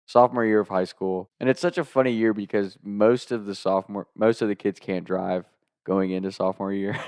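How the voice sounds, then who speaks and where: A man's voice: on the low side, fairly even intonation, a little fast, creaky, a little mellow, soft background music. Laughing young man telling a story. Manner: laughs through his own story, swears freely. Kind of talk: casual comic anecdote.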